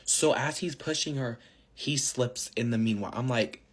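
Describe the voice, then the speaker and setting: Man, casual storytime vlog, slangy, rambling, lots of fillers, middle pitch. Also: moderate pace. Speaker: social media storyteller.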